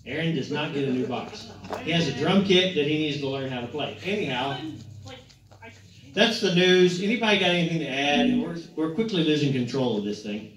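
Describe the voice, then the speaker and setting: A man's voice: on the high side, lively intonation, brisk, fairly bright tone. A man, a pastor rambling through church announcements and a joke, often correcting himself. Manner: rambling, joking, self-correcting. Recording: echoey, distant, muffled, with guitar music.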